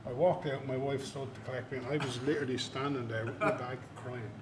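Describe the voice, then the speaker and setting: A man's voice: mid-range voice, fairly even intonation, fast talker, echoey room, background noise. A man with an Irish accent, telling stories over beers in a casual chat, laughing and swearing often. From Ireland. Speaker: guest at a beer tasting.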